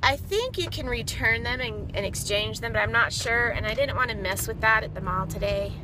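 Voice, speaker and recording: A woman's voice: on the high side, brisk, background noise. A woman chatting casually and rambling through her day for a vlog, filmed on a phone in a car. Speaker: vlogger. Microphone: phone camera.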